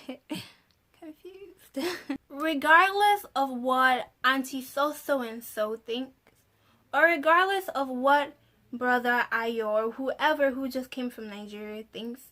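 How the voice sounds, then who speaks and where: Young woman vlogger, high voice, casual, laughs a lot. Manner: animated, laughs often, exasperated. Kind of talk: casual storytelling to camera.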